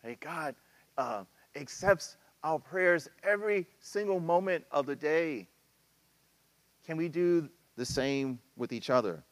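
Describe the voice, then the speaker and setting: A man preaching a sermon as pastor, talking with a casual, animated style full of asides and acted-out quotes. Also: a little high, slow pace, no echo.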